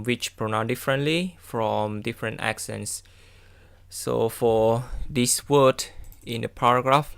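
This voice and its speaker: A man with talks through exam tips at an unhurried, halting pace, often pausing on ums and restarting words. His voice is smooth and clear, sitting at an ordinary middle pitch. He sounds like a tutor working through a study guide. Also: a bit bright. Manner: hesitant, with frequent ums and self-corrections. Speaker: English test tutor. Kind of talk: reading and explaining study tips.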